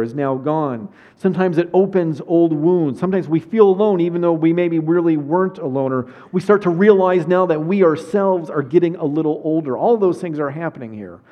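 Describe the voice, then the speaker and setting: Higher-voiced pastor, conversational sermon. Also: male voice. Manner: conversational, reads verses then explains. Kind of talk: sermon with scripture reading. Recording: dull lo-fi recording.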